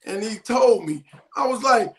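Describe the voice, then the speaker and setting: A man with a high voice talks bluntly on a casual panel chat. He makes his points with emphasis and swears freely. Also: animated, measured pace, fairly bright tone, reverberant. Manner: emphatic, blunt, profane storytelling. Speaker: panel guest.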